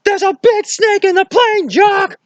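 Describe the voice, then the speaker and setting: A man's voice: big pitch swings, moderate pace, no room sound, lo-fi sound, full character voice. A man doing a frantic shrieking adventurer hero. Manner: yelling, frantic, high-pitched. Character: panicked shouting adventurer hero, male.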